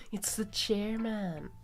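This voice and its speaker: A woman's voice: mid-range voice, gravelly, darkish tone. A woman streaming a game with casual commentary, giggling often and swearing in her reactions.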